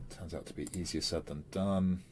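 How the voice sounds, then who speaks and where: Low-voiced guy running a tabletop game, lots of ums, bit of hiss behind. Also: darkish tone. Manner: stop-start, chatty with many fillers. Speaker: game master.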